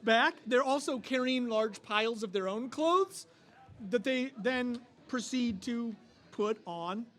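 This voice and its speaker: A man narrating a live tabletop game as game master, casual and quick. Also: extremely high pitch, a bit bright. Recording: live stage with faint music.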